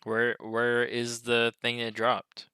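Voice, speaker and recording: A man's voice: medium pitch, monotone, takes it slowly, sharp tone, smooth, dry recording, clean studio sound. A man playing in a tabletop game, eagerly asking questions. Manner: eager, asks lots of questions. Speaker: player. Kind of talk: casual tabletop game chat.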